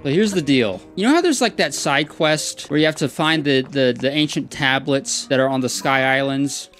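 A man's voice: medium pitch, normal speed, a bit bright, faint music behind. A man streaming a video game, talking in casual, self-amused commentary as he plays.

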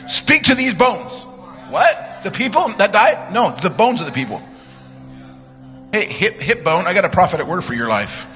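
A man preaching a live church sermon, telling stories with joking asides and sudden shouted commands. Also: sits high, sing-song, moderate pace. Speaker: guest preacher. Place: church sanctuary. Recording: live church sermon, reverberant hall, music underneath.

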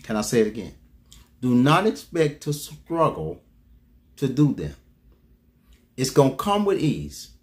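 A man preaching a sermon who repeats his key lines, calls out to the congregation for a response, and makes sudden leaps in pitch for emphasis. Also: very animated, measured pace, long pauses, a little mellow.

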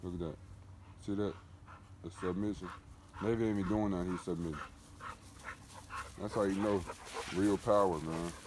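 A man's voice: deep voice, steady tone, moderate pace, pauses often. A man vlogging casually about his dogs and thanking his viewers, in loose, profane street talk. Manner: talks to his dogs between remarks to viewers. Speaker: dog breeder vlogger. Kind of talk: casual vlog chat. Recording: noisy home recording with dogs around.

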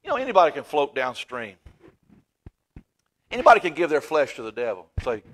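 A man preaching a fervent sermon in a church, swinging from loud exclaiming to hushed asides. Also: a little high, sing-song, a little fast, pauses often. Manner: fervent, swings from shouting to near-whisper. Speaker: pastor. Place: church sanctuary.

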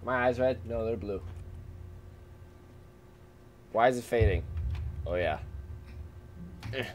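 A man's voice: medium pitch, normal speed. A man commentating casually on his own gameplay in a goofy, joking way, answering the characters back. His voice sits mid-range for a man, with faint background noise behind it. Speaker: gaming channel host.

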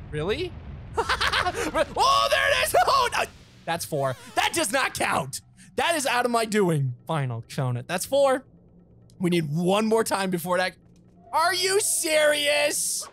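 A young man playing through a video game, chatting excitedly, laughing often and talking back to the game. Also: high-pitched. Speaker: gaming channel host. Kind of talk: let's play commentary.

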